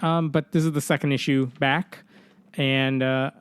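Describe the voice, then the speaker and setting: A man's voice: mid-range voice, little pitch movement, normal speed, clear, resonant tone, dry recording. A man in his young adult years talks through stories on a podcast, his mid-range voice loose and rambling, stopping and restarting as he goes. The mic is close and dry, with no room sound around him. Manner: rambling, many fillers and restarts. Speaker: podcast co-host. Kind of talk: casual podcast chat.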